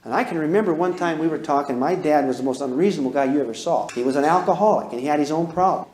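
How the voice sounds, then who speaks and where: A man in his eighties lectures on parenting in a folksy, storytelling way, often turning to ask his listeners questions. His voice sits a little higher than most men's. The room around him is echoey. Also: rapid-fire, darkish tone. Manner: plain-spoken, asks the audience questions. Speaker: parenting course teacher.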